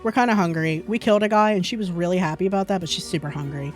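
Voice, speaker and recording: A woman's voice: fairly low pitch, very fast, soft background music. A woman streaming a game, reading dialogue aloud and cracking sarcastic, swearing jokes. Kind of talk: casual gameplay commentary.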